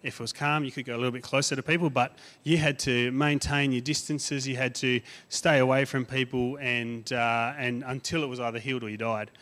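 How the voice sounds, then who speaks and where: A conversational preacher who swings loud and soft. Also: male voice, medium pitch, level tone, fairly quick, hardly any pauses. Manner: conversational preaching, rising loud on emphatic lists, dropping quiet on asides. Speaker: guest preacher. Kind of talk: sermon.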